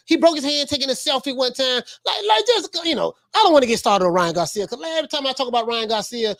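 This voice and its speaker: A woman doing casual livestream boxing commentary, animated, repeating herself and laughing often. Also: sits high, fast talker, hardly any pauses.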